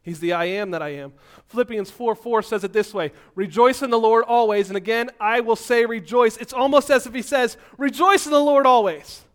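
A man preaching an energetic, animated sermon, so physically active that he sounds out of breath at times. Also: sits high, a little fast.

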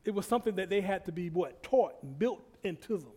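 High-voiced male preacher. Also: animated, a little fast. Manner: repetitive, rising and falling in loudness. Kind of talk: sermon.

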